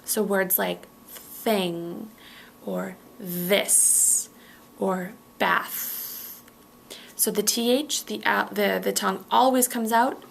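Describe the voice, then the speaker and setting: A woman leads a pronunciation drill at a very unhurried pace. She says each word slowly and clearly, then says it again. A gravelly edge sits under her mid-range voice. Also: mid-range voice, fairly even intonation, a little hiss or hum. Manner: models words carefully, repeating each one. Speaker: pronunciation teacher. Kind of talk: slow, deliberate pronunciation drill.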